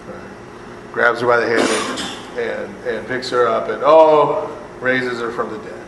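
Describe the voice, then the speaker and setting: A man's voice: mid-range voice, slow, fairly bright tone. A man, a priest, leading a Bible study lecture in a conversational way, often asking "right?", laughing and adding sarcastic asides. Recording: echoey room, long reverb, faint air conditioning hum.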